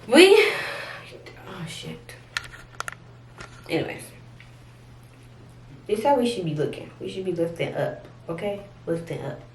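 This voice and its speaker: A woman's voice: medium pitch, a bit bright, recorded from a distance. A slangy, rambling woman talks through a casual tutorial vlog. She sits back from the mic in an echoey bathroom. A faint hiss runs underneath. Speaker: vlogger. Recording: roomy, off-mic, faint noise.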